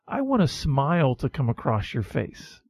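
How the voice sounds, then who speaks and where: A man's voice: medium pitch, huge pitch swings, normal speed, gravelly, darkish tone, slightly rough, dry recording. A man co-hosting a Christian talk show, speaking to listeners in a heartfelt, encouraging way. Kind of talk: faith-based conversation.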